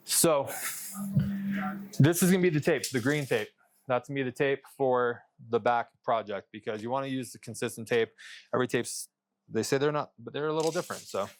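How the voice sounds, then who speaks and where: A man in a workshop vlog talks the viewer through his fabrication work in a loose, rambling way. His pitch sits in an ordinary middle range, and he mutters and curses under his breath as he goes. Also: fairly quick. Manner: loose and rambling, talks to camera while measuring; mutters and swears to himself mid-task. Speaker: custom truck fabricator.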